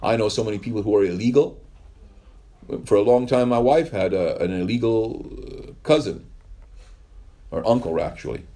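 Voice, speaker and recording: A man's voice: on the low side, moderate pace, pauses often, dark tone. A male pastor giving a conversational sermon, telling stories in a rambling way with wry asides.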